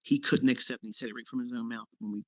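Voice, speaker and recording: Man, fifties, mentor telling a story: blunt, swears freely, punches lines with sharp pitch jumps; dry, close sound. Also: steady tone, very fast, no room sound. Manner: blunt and profane, with sudden emphatic jumps in pitch. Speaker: trading mentor. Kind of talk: casual storytelling on a live audio chat.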